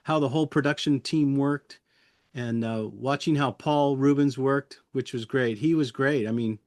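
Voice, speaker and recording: A middle-aged man, a puppeteer guest, reminiscing in an interview with a friendly, chuckling manner and many pauses. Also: mid-range voice, darkish tone, no echo. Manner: friendly, chuckling, halting with fillers.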